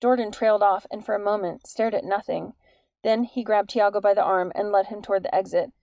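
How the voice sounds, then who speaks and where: A woman reading an audiobook in an even, measured storytelling manner. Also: mid-range voice, no room sound. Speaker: audiobook narrator. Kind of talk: scripted narration.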